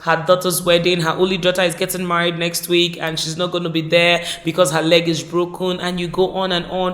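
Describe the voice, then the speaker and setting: A woman's voice: fairly low pitch, flat delivery, fairly quick, few pauses, fairly bright tone. A woman teaching a caregiving course in an informal, emphatic way, often repeating key words and acting out short example dialogues. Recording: echoey room.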